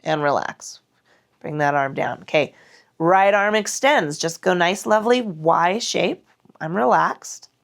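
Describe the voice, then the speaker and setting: With a low-ish, creaky voice and a slightly slow pace, a Pilates instructor leads a mat class while doing the moves herself. She cues breath and form, her breathing a little labored from the exertion.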